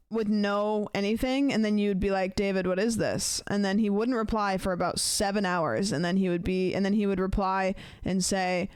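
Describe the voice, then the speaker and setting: A woman's voice: medium pitch, clean tone, no room sound, studio quality. A young adult woman streamer in casual chat, rambling and playful and swearing now and then. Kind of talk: casual chat, ranking celebrities' texting habits.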